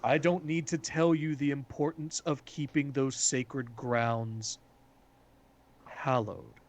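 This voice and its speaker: A man playing a calm, authoritative male leader who speaks in a measured, formal way. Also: medium pitch. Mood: grave, formal.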